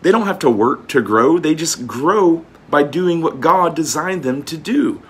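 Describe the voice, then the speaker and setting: A man's voice: fairly high pitch, lively intonation, measured pace, husky. A man preaching casually, reading old-fashioned scripture and then explaining it in plain, folksy talk, often repeating words as he goes. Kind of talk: informal scripture teaching.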